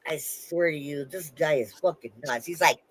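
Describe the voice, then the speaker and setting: A woman's voice: low voice, slightly rough, poor audio. A woman ranting angrily in casual talk, swearing heavily and breaking off and restarting her sentences. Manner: fast restarts and trailing-off sentences. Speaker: vlogger. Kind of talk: angry casual rant.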